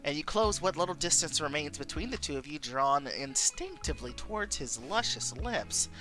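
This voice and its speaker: A woman streamer reads a story game aloud and breaks off to chat with her viewers. Her voice is bright and sharp and swings widely in pitch. She giggles often between lines. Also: lively intonation, moderate pace, soft background music. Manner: giggly, chatty asides to viewers. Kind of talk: casual stream commentary and story reading.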